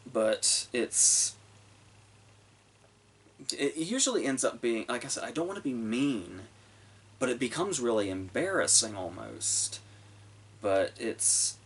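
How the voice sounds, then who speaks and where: A man's voice: mid-range voice, sing-song, slow pace, long pauses, breathy edge. A man reviewing a film on his podcast in a rambling, casual way, swearing often and restarting sentences. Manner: rambling, profane, full of fillers and restarts. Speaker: movie review podcast host.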